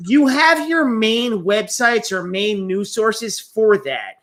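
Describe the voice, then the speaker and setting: A man hosts a casual livestream and speaks bluntly, with plenty of cursing. His voice is bright and his pitch swings widely. He sounds relaxed and straight-talking. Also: takes it slowly. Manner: blunt, swears freely. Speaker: stream host.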